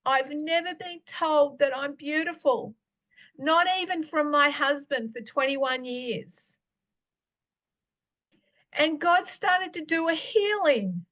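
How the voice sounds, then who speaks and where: Chatty woman, animated storyteller. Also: sits high. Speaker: podcast host. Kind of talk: casual faith testimony.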